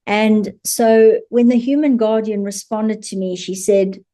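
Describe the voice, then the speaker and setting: A woman's voice: mid-range voice, steady tone, measured pace, dark tone. A woman who works as an animal communicator, telling a story to camera in a chatty, amused way with frequent laughter.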